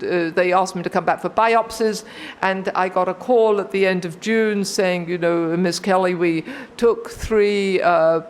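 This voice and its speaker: In a meeting hall, a woman in her sixties tells a personal story at a recovery meeting, her voice on the low side. She's animated and acts out her own thoughts as she goes.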